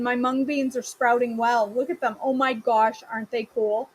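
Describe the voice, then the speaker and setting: A woman's voice: fairly high pitch, steady tone, moderate pace, few pauses, slightly rough, low-quality recording. A woman hosting a live cooking stream from her home kitchen, chatting casually and answering viewers by name with playful, self-mocking humor.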